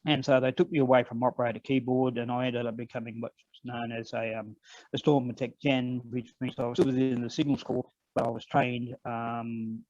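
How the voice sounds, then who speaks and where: An older man with an Australian accent, telling personal stories as a guest in an online conversation, unhurried and with frequent ums. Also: medium pitch, level tone, a little mellow, no room sound. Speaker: guest elder. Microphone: video call. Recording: dull lo-fi online call audio.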